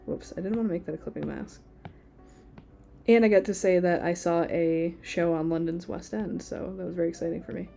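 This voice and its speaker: A woman's voice: lowish voice, a little fast, creaky, dark tone, soft background music. A woman in her thirties, chatting casually while she draws during a live stream. She rambles and uses a lot of filler words. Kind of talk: casual chat while drawing.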